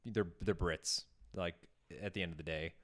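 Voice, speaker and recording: Low-voiced rambling man chatting. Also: steady tone, normal speed, fairly bright tone. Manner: rambling, filler-heavy, swears, laughs often. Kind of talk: casual chat. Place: near Pasadena.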